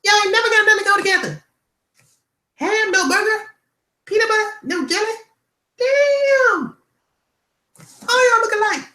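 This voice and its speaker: A man doing a loud, shrieking, rapid impression of a famous comic actor. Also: very high-pitched, echoey room, voice pushed up, exaggerated voice. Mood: shrill comic.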